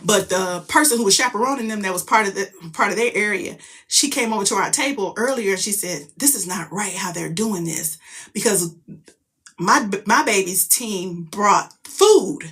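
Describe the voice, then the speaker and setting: A middle-aged woman tells a story about her daughter in a loud, profane, emphatic, animated way. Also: medium pitch, moderate pace. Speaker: mother telling a story. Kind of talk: casual storytelling vlog.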